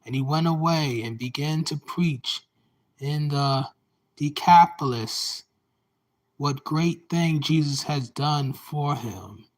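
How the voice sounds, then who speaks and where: A man's voice: on the high side, poor audio. A man reading scripture aloud, phrase by phrase, now and then correcting himself mid-word. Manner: deliberate phrase-by-phrase reading with occasional self-corrections. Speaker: scripture reader.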